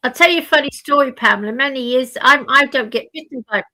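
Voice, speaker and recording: A woman's voice: sits high, quick pace, sharp tone. An older woman hosting a live stream, chatting casually and rambling to herself while she waits for others.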